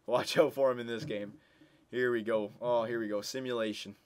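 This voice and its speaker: A man commentating on a hockey video game, emotionally pleading with his team and breaking into excited yells. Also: medium pitch, moderate pace.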